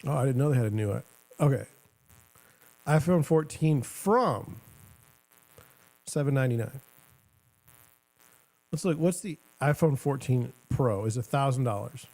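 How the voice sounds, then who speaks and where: A man's voice: medium pitch, animated, unhurried, long pauses, a little mellow. A middle-aged man hosting a talk show, rambling and sarcastic in casual commentary, often cutting himself off mid-sentence. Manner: rambling, sarcastic, self-interrupting. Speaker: show host.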